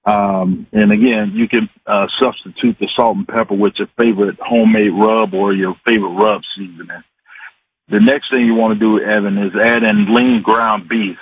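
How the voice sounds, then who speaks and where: Man in his forties, rambling folksy call-in chat, phone-line sound, low-pitched. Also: fairly even intonation, moderate pace, husky. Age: 40s. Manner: folksy, rambling, many fillers. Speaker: regular guest, sports and recipe commentator. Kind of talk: casual radio chat. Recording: tinny phone line with faint hiss.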